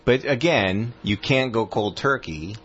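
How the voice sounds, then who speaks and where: A man's voice: medium pitch, animated, unhurried, a bit bright, highs cut off. A man co-hosting a radio show in casual banter, teasing and laid-back.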